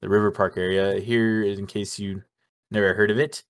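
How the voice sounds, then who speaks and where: A young man co-hosting a podcast, telling a story in casual chat with animated energy, frequent laughs and casual swearing. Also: on the low side, normal speed. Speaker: podcast co-host.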